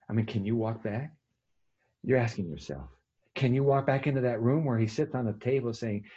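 A man preaching a sermon as a vivid story, dropping to a hush at tense moments. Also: mid-range voice, brisk, husky, muffled recording. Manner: vivid storytelling with sudden hushed drops.

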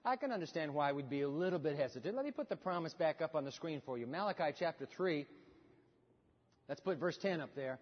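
Guy preaching a sermon in a church, fairly high voice, keeps asking the crowd stuff, long echo and kinda muffled. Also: a little fast. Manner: animated storytelling, asks the congregation questions. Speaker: pastor. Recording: dull sound with long hall reverb.

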